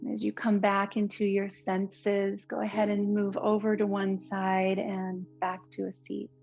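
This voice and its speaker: A woman yoga teacher giving slow, soothing, gentle cues through relaxation and breathing. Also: mid-range voice, completely flat delivery, creaky. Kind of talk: guided yoga and relaxation instruction. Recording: slightly muffled recording with soft instrumental music.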